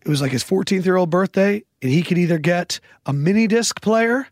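A man's voice: high-pitched, animated, brisk, no echo, clean studio sound. A man hosting a podcast in casual chat, telling rambling stories and acting out what others said. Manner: rambling storyteller who acts out quotes. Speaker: podcast host.

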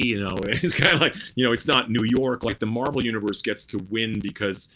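A man's voice: mid-range voice, fairly quick, bright, forceful tone. A middle-aged man chatting casually as a podcast guest, rambling with many restarts and fillers. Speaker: guest musician.

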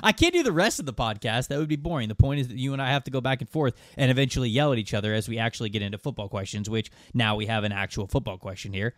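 Male podcast host, middle pitch, talkative and explanatory, dry studio mic. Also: lively intonation, rapid-fire, few pauses, no room sound. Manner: chatty and explanatory, reads listener questions. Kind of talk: casual podcast chat.

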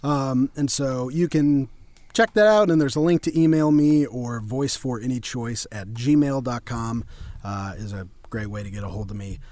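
A man's voice: mid-range voice, normal speed, dark tone, dry recording. A young man, a voice actor, chatting casually as an interview guest; self-deprecating, laughs easily and slips in and out of voices. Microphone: home studio.

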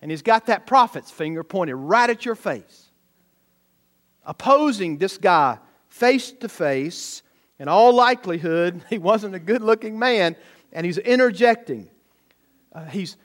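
A man preaching a sermon, emphatic and often putting rhetorical questions to the congregation. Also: high-pitched. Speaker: pastor.

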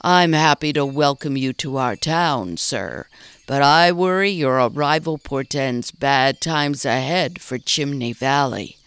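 Storybook role: woman reading a gentle plush bear mayor, courteous and grave, low and slow. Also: clean tone, exaggerated voice. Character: kindly stuffed bear mayor, male, formal.

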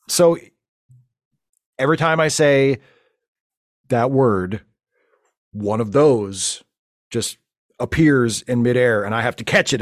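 A man's voice: mid-range voice, no echo, studio quality, natural voice. A man playing a flustered, rambling space-fleet lieutenant who stammers through a comedic audio monologue. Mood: weary.

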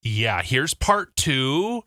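A man's voice: medium pitch, sing-song, very slow, bright, forceful tone, dry recording, clean studio sound. A man co-hosting a podcast, teasing his co-host and leading into stories. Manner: teasing, wry. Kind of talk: casual chat.

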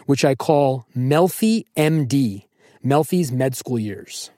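A man hosting a casual podcast chat, playful and excitable, running the segments from a booth. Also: medium pitch, takes it slowly, dry recording, studio quality. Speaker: podcast host.

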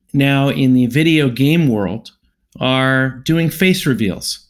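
A man hosting a comedy podcast, announcing dates and building a bit in a deadpan, mock-grand way with plenty of "uh"s. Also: medium pitch. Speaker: podcast host. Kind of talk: casual comedy podcast talk.

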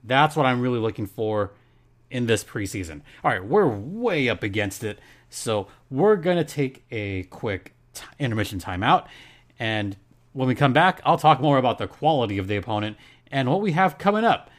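A man's voice: mid-range voice, sing-song, normal speed. Playful man hosting a hockey podcast. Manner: playful and jokey, reads ad in hype voice. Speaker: podcast host. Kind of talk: casual sports podcast talk.

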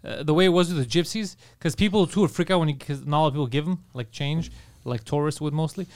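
A man's voice: on the high side, fast talker, a little mellow, dry recording, clean studio sound. A man hosting a podcast, telling brash, profane stories in casual chat and acting out the lines of the people in them. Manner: brash, profane storytelling with acted-out quotes. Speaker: podcast host.

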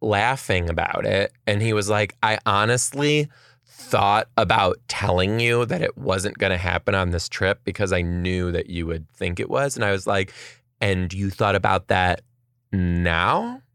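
A woman's voice: very deep voice, unhurried, no echo, studio quality. A young woman podcast host telling a story in casual chat, acting out what people said and swearing freely. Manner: animated storytelling, acts out quotes, swears.

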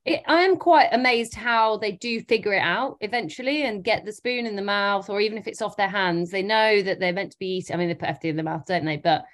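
A woman's voice: medium pitch, fast, few pauses. Chatty, curious woman co-host. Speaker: podcast co-host. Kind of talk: casual chat.

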